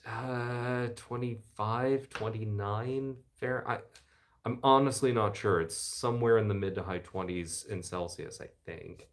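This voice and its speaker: A middle-aged American man with a baritone voice, hosting a relaxed live chat from his living room and reading out viewer comments. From United States. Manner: relaxed, chatty, enthusiastic asides. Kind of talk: casual live-stream chat. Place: home living room by the fireside.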